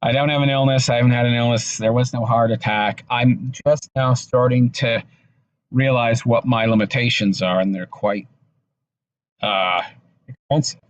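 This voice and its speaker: Weary, halting man talking to camera. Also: mid-range voice, fairly even intonation, no room sound, highs cut off. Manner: halting, subdued, with many restarts and fillers. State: exhausted. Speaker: vlogger. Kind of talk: casual personal vlog monologue. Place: in his car.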